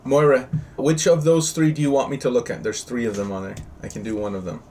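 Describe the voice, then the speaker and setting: Man, online class teacher, chatty and jokey, quizzes students, mid pitch, distant video-call mic, faint background hiss. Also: fairly even intonation, brisk, darkish tone. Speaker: trading teacher.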